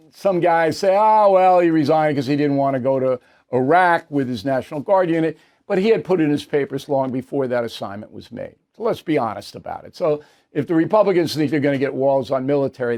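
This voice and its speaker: A man hosts a political commentary segment with a blunt, combative delivery. He waves off claims with curt dismissals. His voice sits a little high for a man. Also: darkish tone. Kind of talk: opinionated news commentary.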